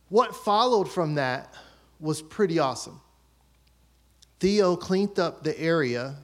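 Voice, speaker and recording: A man in his thirties preaches, his voice sitting a little high for a man. He tells a personal story with lively swings in pitch and acts out his children's lines. The talk stays conversational from the pulpit. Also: takes it slowly, pauses often. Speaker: pastor.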